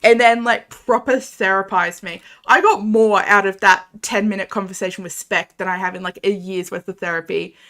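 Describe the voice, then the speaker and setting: A young adult woman, chatting casually with her viewers during a game stream and launching into animated rants. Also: medium pitch, moderate pace, few pauses.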